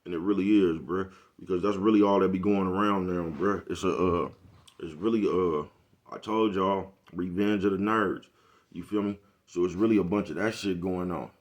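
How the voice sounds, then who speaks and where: A man's voice: deep voice, fairly even intonation, moderate pace. A man delivering a casual, profane monologue to his viewers, forever checking in with "you know what I'm talking about". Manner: laid-back, profane street talk. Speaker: vlogger.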